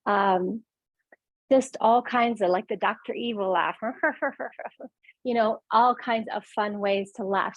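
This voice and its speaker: A woman's voice: on the high side, no room sound, dull audio. A woman yoga and mindfulness instructor leading a guided laughter exercise, upbeat and encouraging.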